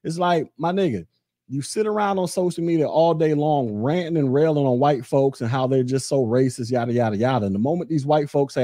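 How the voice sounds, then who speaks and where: Mellow-voiced man ranting on a podcast. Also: medium pitch, fast talker, no echo, clean studio sound. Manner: ranting and sarcastic, talks straight to listeners. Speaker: podcast host. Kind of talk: solo opinion commentary.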